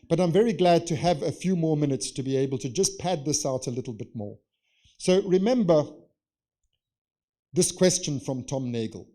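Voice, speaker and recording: A man giving an academic conference lecture, lively, posing rhetorical questions and acting out examples. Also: mid-range voice. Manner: lively, poses rhetorical questions and acts out scenarios. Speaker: conference speaker. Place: conference session.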